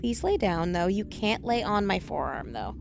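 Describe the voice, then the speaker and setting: A woman's voice: mid-range voice, animated, normal speed, vocal fry. A woman live-streaming a video game, chatting casually and talking to her pet as she plays, with faint game music underneath.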